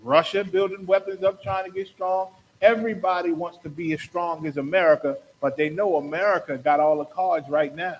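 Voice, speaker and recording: A podcast host with a high-sitting voice talks at a moderate pace with fairly even intonation, though the audio is poor. He delivers impassioned, preachy religious commentary on his talk show, rhetorical and acting out quotes.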